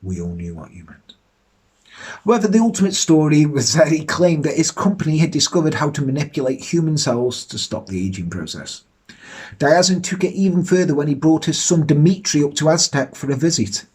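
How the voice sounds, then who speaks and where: A young man with a husky voice and a slightly high pitch, chatting through a true crime tale. He tells it casually, with sardonic, sweary asides. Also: lively intonation, a little fast, a little mellow. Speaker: podcast host telling a true crime story. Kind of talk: casual storytelling chat.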